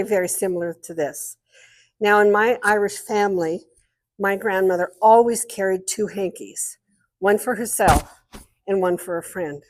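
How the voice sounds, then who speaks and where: Guest speaking at an art society, a woman with a mid-range voice tells a chatty, meandering story, often interrupting herself.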